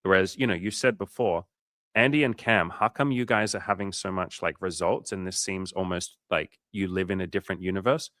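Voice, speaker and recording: A man running a coaching livestream in a fired-up, swearing, casual way. His voice sits fairly low, and the sound is close and dry with no room around it. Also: a little fast, fairly bright tone, no echo. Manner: casual, profane, fired-up and emphatic. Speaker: dating coach.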